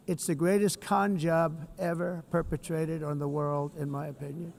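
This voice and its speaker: A man's voice: on the high side, fairly even intonation, normal speed, vocal fry, hardly any pauses. A man, a head of state, gives a formal political speech, boastful and combative, drifting into off-the-cuff asides and repeating phrases for emphasis. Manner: digressive, slips from script into off-the-cuff remarks. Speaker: head of state giving an address.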